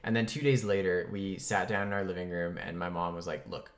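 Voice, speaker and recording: A man with a fairly low voice tells a funny childhood story in a loose, chatty way. He leans on fillers and rises into bursts of mock outrage as he goes. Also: steady tone, a little fast. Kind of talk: casual comedic storytelling.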